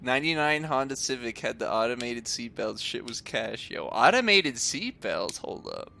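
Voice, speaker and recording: A man's voice: mid-range voice, big pitch swings, normal speed, vocal fry, bright, forceful tone, faint music behind. A young man streaming a game, chatting casually with viewers, laughing often and swearing freely. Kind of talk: casual chat while gaming.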